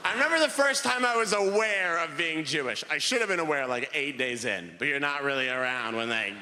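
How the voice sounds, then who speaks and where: A man in his thirties doing a stand-up comedy set on a theater stage, telling animated stories and shouting punchlines in put-on voices. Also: on the high side, fairly quick. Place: theater stage before a laughing audience. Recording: live hall reverb, faint noise.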